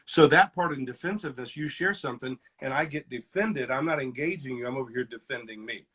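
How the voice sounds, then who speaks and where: A man's voice: mid-range voice, a little fast, husky. A middle-aged man, a counselor, explaining relationship patterns in conversation and acting out the lines people say in a fight. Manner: animated, acts out quoted lines with shifts in loudness. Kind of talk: teaching conversation.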